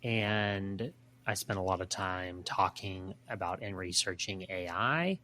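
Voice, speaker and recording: Reflective low-voiced man guest. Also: unhurried, sharp tone, a little hiss or hum. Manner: reflective, thoughtful. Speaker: podcast guest. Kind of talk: casual chat.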